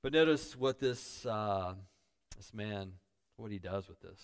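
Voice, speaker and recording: A man preaching a sermon as pastor, dropping to quiet asides and building to loud, emphatic peaks. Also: on the low side, a little slow, smooth.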